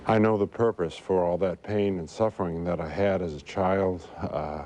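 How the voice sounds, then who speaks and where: A man answering questions as a guest in a studio interview, talking haltingly with many fillers and a stutter. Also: deep voice, steady tone, mellow, muffled recording, slight background noise. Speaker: guest researcher.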